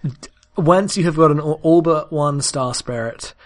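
Man, podcast co-host, casual chat, animated storytelling, laughs a lot, slightly higher voice. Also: normal speed, noisy background.

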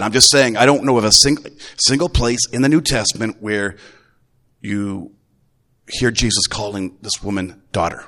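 A middle-aged man, a grandfather, preaching a Sunday sermon in a relaxed, folksy way, full of restarts. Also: lowish voice, moderate pace. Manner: conversational, folksy, with repeated restarts. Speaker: pastor. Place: church. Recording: long reverb of a church hall.

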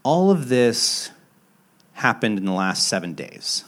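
A young adult male pastor preaches in a candid, conversational sermon style, often restarting his sentences. His mid-pitched voice lifts sharply for emphasis, then drops into quiet, low asides. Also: big pitch swings, slow pace. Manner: candid, self-deprecating storytelling with frequent restarts.

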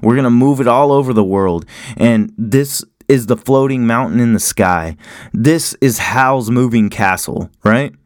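A man hosting a podcast, pushing his project with hyped, emphatic energy. His voice sits at an even middle pitch and sounds dry and close. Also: a little slow, dry recording. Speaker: podcast host. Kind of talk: promotional podcast outro.

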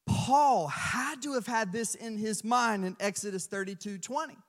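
A man preaching a sermon as pastor, telling stories with lively swings from hushed asides to loud emphasis. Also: sits high, normal speed, few pauses, long reverb tail.

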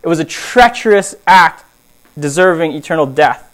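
A man preaching a sermon, telling stories in an animated way and swinging between loud emphasis and hushed asides. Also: on the high side, normal speed.

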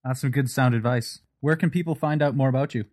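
A man hosts an interview and puts short questions to his guest. He speaks slowly, in an ordinary middle-pitched voice. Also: darkish tone.

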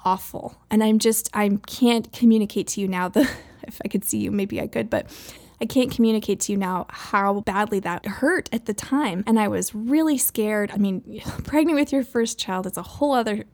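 A woman's voice: medium pitch, normal speed, a little mellow. A woman in her thirties telling a personal faith story to listeners, earnest and emotional, with frequent laughs and filler words like "like" and "you know.". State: near tears. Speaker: speaker sharing a faith story.

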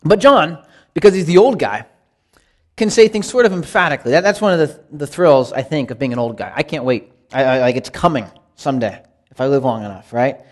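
Earnest and emphatic, this man leads a Bible study like a conversational sermon, speaking fairly quickly at a medium pitch. His voice lifts in lively rises as he quotes scripture.

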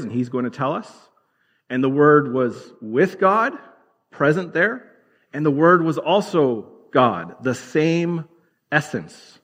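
A man preaching a sermon as pastor, explaining scripture in a conversational teaching manner and slowing down to stress key words. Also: on the high side, slightly rough. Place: church sanctuary. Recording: long hall reverb.

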